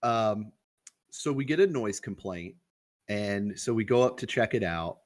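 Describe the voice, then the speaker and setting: Low-voiced young man telling a story. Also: animated, a little slow. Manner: loose and profane, acts out quoted dialogue. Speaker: podcast co-host. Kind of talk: casual storytelling.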